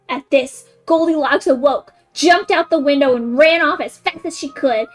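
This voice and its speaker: Woman streamer, high voice and unhurried, giggly and amused; faint music under. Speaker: game streamer. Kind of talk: casual chat and reading a story aloud.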